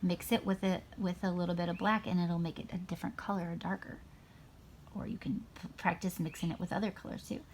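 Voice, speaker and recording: A woman's voice: on the low side, steady tone, quick pace, a little hiss or hum. A middle-aged woman teaching a painting lesson to children in a chatty, encouraging way. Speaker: art teacher.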